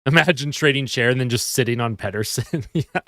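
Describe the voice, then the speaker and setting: A sleepy man hosts a live fan stream from his desk at home, answering viewer comments in loose, easy chat. His voice sits at an everyday middle pitch and sounds close and dry, with no room echo. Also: a little fast, pushed and bright. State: sleepy, yawning. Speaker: livestream host.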